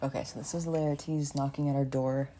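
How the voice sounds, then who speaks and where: A woman streaming a choose-your-own-adventure game, thinking aloud in a relaxed, casual way and reading choices out. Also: very deep voice, moderate pace, a little hiss or hum.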